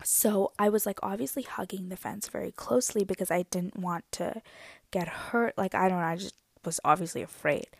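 A woman's voice: medium pitch, moderate pace, vocal fry, no echo. A woman in her twenties telling a story to her viewers in a casual, dramatic, self-mocking way. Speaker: vlogger.

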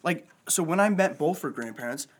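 A young man in casual chat, telling stories in an animated way and swearing often. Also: a little high, a little fast, breathy edge. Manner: animated storyteller, swears a lot.

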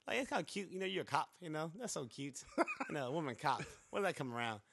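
A man in loose podcast banter, rattling off his points at a quick clip with a slightly raised pitch. He talks fast and animated, laughs often and leans on "you know" between thoughts. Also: vocal fry, breathy edge. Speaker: podcast co-host. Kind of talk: casual podcast chat.

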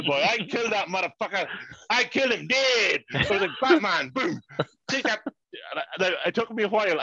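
A man, co-hosting a podcast, telling stories in an animated, swearing rant. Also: fairly high pitch. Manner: animated, swearing, ranting storyteller. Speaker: podcast co-host. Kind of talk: casual chat. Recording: dry, dull lo-fi podcast mic.

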